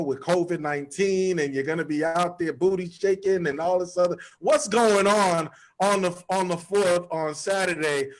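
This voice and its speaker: A man hosting a podcast panel over a video call, joking and chatting casually while steering the talk. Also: high voice. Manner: playful, joking, affirming others often. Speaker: podcast host.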